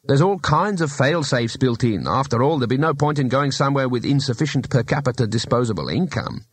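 A man voicing a fussy, salesy little male shopkeeper with a chatty, brisk manner. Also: medium pitch, expressive, slightly rough.

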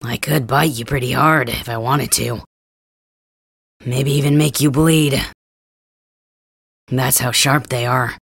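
Man as a blunt, grumbling young male cat hybrid for an ASMR role-play; slow delivery, husky, dry and close. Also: medium pitch, steady tone, a bit bright, dry recording, full character voice. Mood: gruff teasing.

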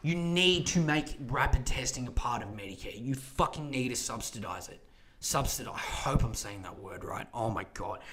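A man's voice: medium pitch, lively intonation, normal speed, fairly bright tone. A young man hosting a solo podcast, ranting about politics in a profane, rambling way. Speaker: podcast host.

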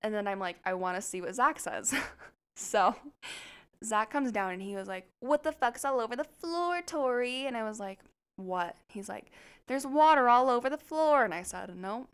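A woman's voice: mid-range voice, normal speed, clean tone. A young woman co-hosting a podcast, telling a story in casual chat, swearing a lot and laughing as she goes. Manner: laughing, profane, animated storyteller. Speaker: podcast co-host.

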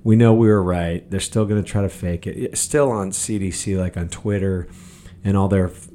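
A man's voice: sits low, steady tone, moderate pace, mellow, a little hiss or hum. A man delivering a casual, profane monologue, angry and mocking as he rants. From worked as a bartender in Los Angeles. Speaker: podcaster ranting about current events.

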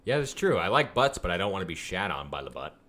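A man's voice: big pitch swings, fast. A man co-hosting a podcast in crude, casual banter, recorded in one big echoey room. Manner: crude, jumps into loud high silly voices. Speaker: podcast co-host.

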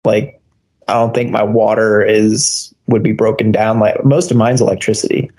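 A man's voice: fairly low pitch, flat delivery, normal speed, a little mellow, slightly rough. Laid-back agreeable podcast co-host guy. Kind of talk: casual chat.

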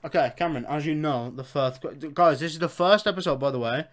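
Fast-talking Birmingham podcast host. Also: male voice, fairly high pitch. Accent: Birmingham English. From Birmingham, England. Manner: fast-talking, sweary and laughing. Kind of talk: casual chat.

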